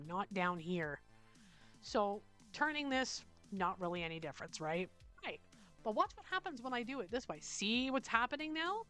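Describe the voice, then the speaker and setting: Canadian woman walking you through a build tutorial, chatty, keeps asking okay?, soft music under it. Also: on the high side. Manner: chatty, checks in often with "okay?". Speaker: tutorial host. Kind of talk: screen-recorded software tutorial.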